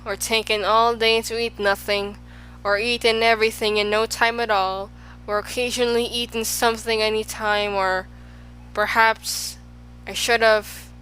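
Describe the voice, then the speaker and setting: A woman's voice: a little high, level tone, moderate pace, pushed and bright, slight background noise, low-quality recording. A woman voicing a pompous, wordy male humbug bug in an audiobook, talking in flowery, fussy phrases. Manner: flowery, fussy, agrees with everyone. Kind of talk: audiobook character voice.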